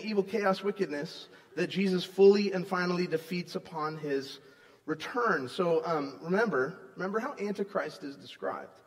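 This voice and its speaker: A man preaching a sermon as pastor, emphatic, often checking in with "right?" and swinging between loud stresses and soft, low asides. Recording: long reverb of a large hall.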